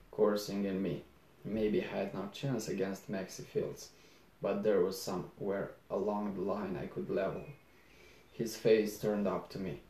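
A man reading a novel aloud in first person, low-key and unhurried, with small slips and restarts. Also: warm tone. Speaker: audiobook reader. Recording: roomy echo.

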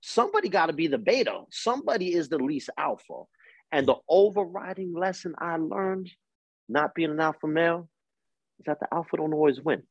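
A man's voice: a little high, lively intonation, a little fast, creaky, no room sound, highs cut off. A man in his forties with a New York accent, a coach telling hard-won life lessons in a podcast interview, emphatic and street-wise. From East New York, Brooklyn. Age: 40s. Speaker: guest, coach.

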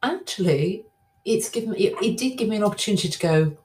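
A middle-aged woman hosting her own podcast, chatting casually and reflectively with lively swings in her voice. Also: fairly quick, slight background noise. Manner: chatty, self-reflective, animated swings in pitch. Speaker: podcast host. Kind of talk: casual solo podcast talk.

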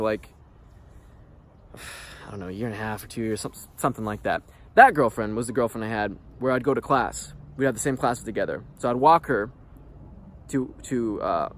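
A man vlogging, telling a candid personal story in a profane, animated, rambling way. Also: mid-range voice, a little hiss or hum.

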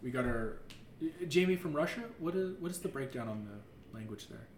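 Excitable young Canadian guy, lively voice. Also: mid-range voice, normal speed. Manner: loud, excitable, swears freely. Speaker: podcast co-host. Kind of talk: casual chat, trivia game. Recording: echoey room with faint noise.

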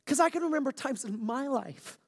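A pastor preaching at a church service in a casual, slangy way, moving between hushed, near-whispered lines and loud, fervent emphasis, and audibly emotional. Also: high voice, expressive, fairly quick. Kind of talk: sermon. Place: church service before a live congregation.

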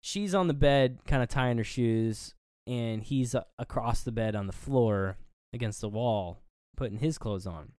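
Guy on a podcast recapping a movie, acts out the lines, smooth clear voice, dry sound. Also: unhurried, hardly any pauses, no echo. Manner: animated retelling, acts out quotes with pitch jumps; loose and profane, lots of fillers. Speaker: podcast co-host. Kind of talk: casual movie recap chat.

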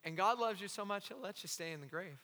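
A man's voice: sits high, animated, quick pace. Impassioned preacher man in a reverberant hall. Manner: impassioned, swings from shouting to hushed intensity, acts out quoted voices. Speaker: pastor. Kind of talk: sermon.

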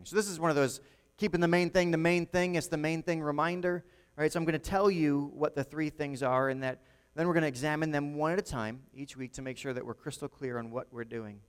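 A man's voice: medium pitch, smooth, in a large hall. A man preaching a sermon as pastor to his congregation, conversational, with frequent restarts and repeated words.

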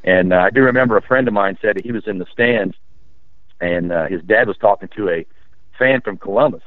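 Man, former high school player, rambling storyteller, low voice, dry phone-line audio. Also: brisk, no echo. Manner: rambling, frequent restarts and fillers. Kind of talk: storytelling in a casual interview.

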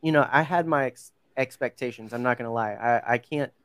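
A man's voice: mid-range voice, fairly quick, a bit bright, clear, resonant tone, no room sound. A man hosting a casual podcast chat, talking loosely with many fillers and restarts. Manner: chatty, full of fillers and self-corrections. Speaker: podcast host.

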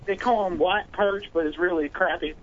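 A man's voice: high-pitched, moderate pace. A man from Alabama with a Southern accent, calling in to a talk show and rambling through jokes. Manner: rambling, joking, drawling. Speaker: caller. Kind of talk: joking phone call. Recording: dull phone line with faint noise.

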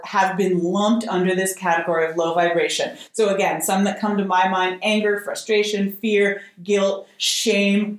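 A woman yoga teacher speaks in a casual, expressive way, checking in with her listeners and dropping the odd swear word. Her voice sits in a middle pitch. It rings out in a strongly echoing room. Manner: expressive, often asks "right?", casual swearing. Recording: very echoey room.

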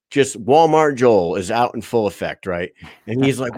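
A man's voice: mid-range voice, animated, a little fast, darkish tone, no echo, studio quality. A man hosting a casual podcast, laid-back and foul-mouthed, trading rambling stories with his co-host.

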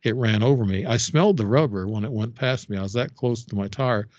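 An older man, a podcast guest and author, telling a personal story in a halting, rambling way with many fillers and restarts. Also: mid-range voice, darkish tone, dry recording. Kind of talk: casual storytelling interview. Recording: dull, dry lo-fi audio.

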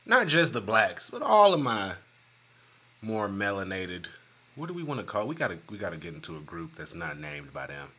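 A man hosting a casual solo podcast, ranting in an animated, profane, joking way. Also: on the low side, normal speed, breathy edge. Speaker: podcast host.

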